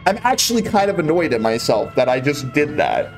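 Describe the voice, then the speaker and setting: A man's voice: medium pitch, very animated, measured pace, darkish tone, faint music behind. A young man casually commenting on gameplay on a live stream, wry and a bit exasperated.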